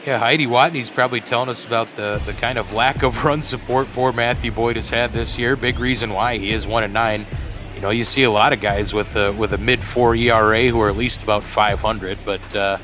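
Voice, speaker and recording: A man doing casual play-by-play commentary for a baseball game, relaxed and chatty, with many fillers and restarts. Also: lowish voice, brisk. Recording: music clearly in the background.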